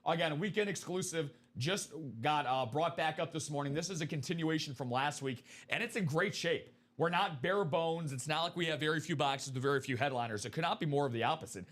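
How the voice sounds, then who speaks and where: A man's voice: a little high, a bit bright. Upbeat man hosting a live sales stream. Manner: upbeat, chatty, quick patter. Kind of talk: sales pitch for memorabilia breaks.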